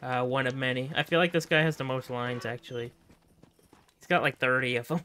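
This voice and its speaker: Bright-voiced man joking while gaming. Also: medium pitch, fairly even intonation, brisk. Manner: joking, teasing, laughs often. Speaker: streamer and host. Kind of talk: casual gaming chat with friends.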